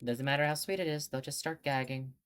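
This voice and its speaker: A woman voicing a gruff, cynical male detective who talks in a curt, sarcastic way, reading game dialogue. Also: very deep voice, fairly even intonation, a little fast, rough recording. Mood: lecturing. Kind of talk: game dialogue read aloud.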